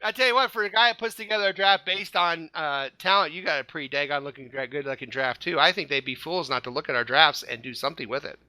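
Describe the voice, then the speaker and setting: A man's voice: a little high, fast talker, few pauses, pushed and bright, no echo. A man co-hosting a casual fan podcast, jokey and playful, often laughing at his own puns. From Indiana, USA. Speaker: podcast co-host.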